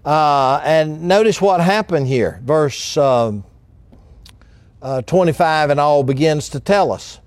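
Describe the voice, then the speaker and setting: A man's voice: fairly high pitch, lively intonation, takes it slowly, no room sound. A man preaching a sermon as pastor, folksy and direct with the congregation.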